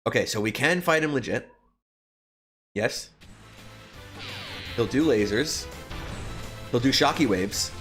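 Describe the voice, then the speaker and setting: A man's voice: mid-range voice, lively intonation, takes it slowly, pauses often, fairly bright tone. A man streaming a video game, chatting casually and animatedly as he plays. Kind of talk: casual gameplay commentary. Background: faint game music.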